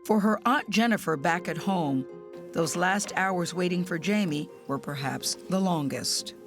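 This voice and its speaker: A woman correspondent narrating a news report in a measured, solemn way and interviewing family members. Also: lowish voice, over music.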